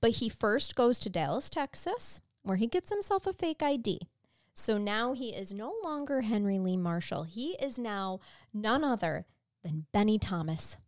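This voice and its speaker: A woman's voice: mid-range voice, sing-song, normal speed, a little mellow, no echo. True crime podcast lady, chatty and sarcastic, dry close sound. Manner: chatty storyteller, sarcastic asides. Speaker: podcast co-host.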